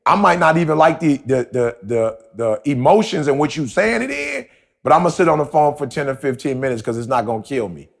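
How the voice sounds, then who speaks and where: A man's voice: on the high side, very animated, fairly quick, vocal fry. A man co-hosting a podcast, telling a story in casual talk and repeating himself as he goes. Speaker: podcast co-host.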